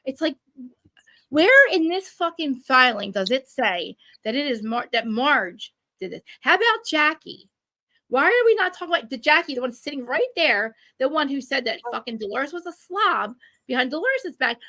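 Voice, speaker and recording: A woman ranting in casual chat, animated and profane, with many restarts. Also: high voice, no echo. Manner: rapid, profane, animated rant with frequent restarts. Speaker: guest commentator. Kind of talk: casual chat recapping a reality show.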